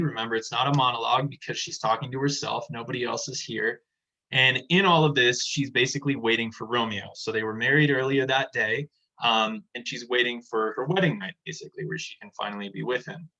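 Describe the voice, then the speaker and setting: A man's voice: medium pitch, a bit bright, dull audio. A male teacher casually explaining a play scene by scene, retelling it in everyday words.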